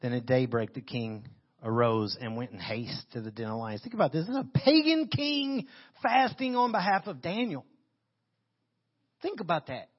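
A man preaching a sermon as pastor. He reads scripture and comments on it with animated emphasis into a handheld microphone. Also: medium pitch, normal speed, breathy edge, highs cut off.

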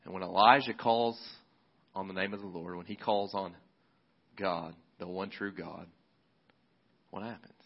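A man's voice: low-pitched, fairly even intonation, measured pace, long pauses. A male pastor preaching a sermon in a casual, conversational storytelling manner. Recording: slightly muffled recording.

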